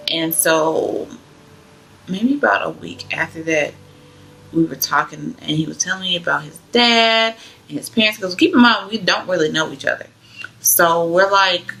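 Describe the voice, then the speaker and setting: A young woman tells her own story in a casual, rambling way. Her voice sits low and carries a gravelly fry. It also has a bright, forward edge. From Georgia, US. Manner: chatty, loose, many "like" fillers. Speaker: vlogger sharing her testimony.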